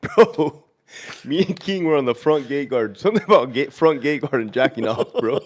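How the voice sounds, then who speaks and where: A man's voice: mid-range voice, expressive, normal speed. Man, army veteran, profane, laughing, casual catch-up chat. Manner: crude, profane, laughing storyteller.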